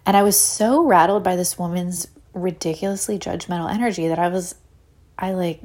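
A woman's voice: on the low side, normal speed. A woman hosting her own podcast, telling a story in a rambling, casual way, full of "like" and acted-out quotes. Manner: rambling, many "like" fillers; animated retelling with acted-out quotes. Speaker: podcast host.

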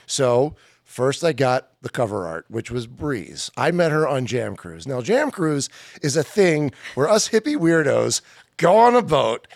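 A man guest on a casual podcast, telling stories in a lively way and acting out what others said. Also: medium pitch, measured pace, gravelly, dry recording, studio quality. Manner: lively storyteller acting out quotes. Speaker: guest, director and author.

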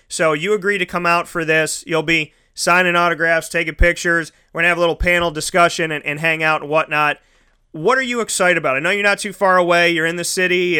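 A man's voice: a little high, pushed and bright, clean tone. A man hosting a casual interview, talking enthusiastically and rambling with restarts. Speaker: host.

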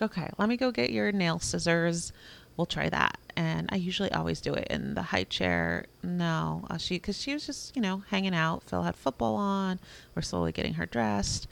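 A woman in her thirties co-hosting a podcast, telling a story about her toddler in a casual chatty way with quick laughs. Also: on the low side, vocal fry, smooth. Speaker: podcast co-host. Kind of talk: casual chat.

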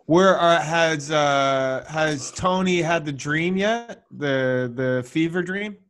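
A man's voice: fairly high pitch, takes it slowly, a bit bright. A man chatting emphatically over a video call, swearing and repeating himself as he argues his point.

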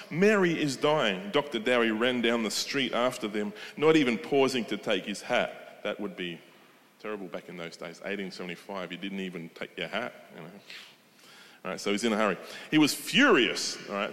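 A man's voice: fairly low pitch, fairly bright tone. Man preaching in a reverberant hall. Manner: emphatic, asks the congregation questions. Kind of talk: sermon retelling a story with commentary.

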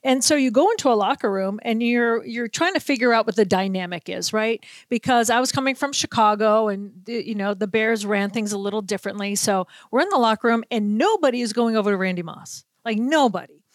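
A woman from Boston, hosting a sports talk show, telling a story in a brisk, animated way and acting out everyone's lines. Her voice sits on the higher side, and the recording is dry and close. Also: no room sound. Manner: lively anecdotes with acted-out quotes and laughter. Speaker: sports reporter, podcast host. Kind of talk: casual storytelling chat.

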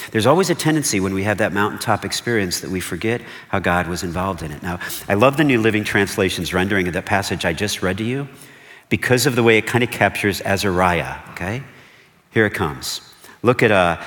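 A male pastor preaching a sermon, animated and conversational, with emphatic repeated warnings and frequent checks like "okay?" to the congregation. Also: low-pitched. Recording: long hall reverb.

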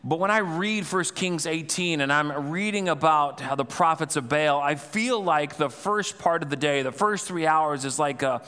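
Animated preacher man, reverberant church. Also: fairly high pitch, normal speed, hardly any pauses, smooth. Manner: animated storytelling, dramatizes scripture. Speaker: pastor. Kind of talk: sermon. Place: church sanctuary. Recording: long reverb in a church hall.

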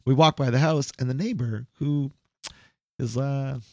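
A man's voice: mid-range voice, unhurried, no room sound, studio quality. A man co-hosting a podcast, telling a story in casual, profane chat. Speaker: podcast co-host.

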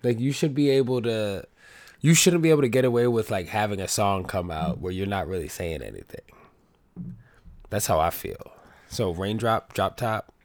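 A young man hosts his own podcast in loose, rambling chat, full of swearing and restarts. His voice sits fairly low and he talks loud, never quite able to bring it down to a whisper. The sound is dry and close. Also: normal speed, no room sound. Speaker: podcast host. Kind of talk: casual chat.

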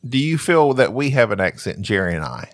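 A man's voice: fairly low pitch, big pitch swings, fairly quick, no echo, clean studio sound. A man from Texas with a Southern accent, playfully reading out trivia and joking as a podcast co-host. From Texas, USA. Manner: playful, laughing, reads trivia aloud. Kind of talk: casual chat.

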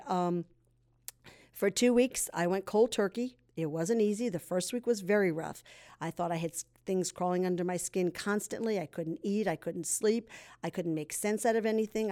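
A woman in her sixties sharing her personal testimony as a guest, earnest and emotional, speaking with deep faith. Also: darkish tone. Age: 60s.

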